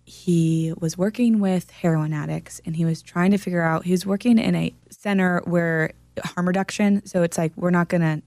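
Earnest gravelly woman telling a story. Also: lowish voice, steady tone, normal speed, few pauses, darkish tone, no echo. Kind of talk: casual podcast chat.

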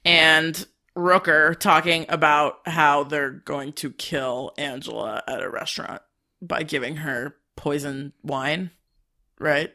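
A man's voice: fairly high pitch, slow, vocal fry. A man co-hosting a casual movie podcast, recapping scenes with lots of laughter. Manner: animated storyteller, laughs while recapping. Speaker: podcast co-host.

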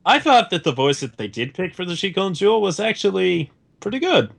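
A man's voice: sits high, very animated, a little fast, creaky, fairly bright tone. A man co-hosting a casual podcast, joking around and reading out listener messages. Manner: jokey, puts on voices. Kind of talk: casual chat.

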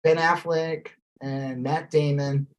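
A man's voice: a little high, slow pace. Rambling, swearing male podcast co-host. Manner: rambling, animated, swears freely and mimics posh voices. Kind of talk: casual chat.

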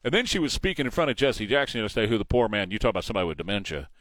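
A man's voice: lowish voice, very animated, rapid-fire, a bit bright, no echo. A man hosting a morning talk radio show, opinionated and mocking.

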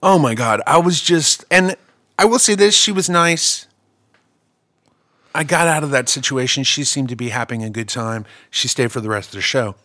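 A man, a comedian, telling a story in casual chat, animated and swinging between loud outbursts and low mutters. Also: normal speed, no room sound, clean studio sound.

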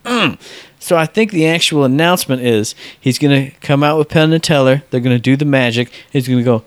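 Relaxed male co-host, wry and joking, dry close sound. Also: medium pitch, fast talker, no room sound. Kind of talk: casual chat.

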